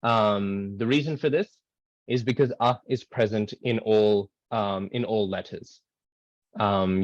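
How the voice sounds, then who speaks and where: A man with a fairly low voice teaches a scripture class over a video call, explaining points loosely with frequent fillers and "right?" checks. The sound is dull and dry, like call audio. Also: no room sound. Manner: explanatory, many ums and rights, asides. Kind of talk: casual online class lecture.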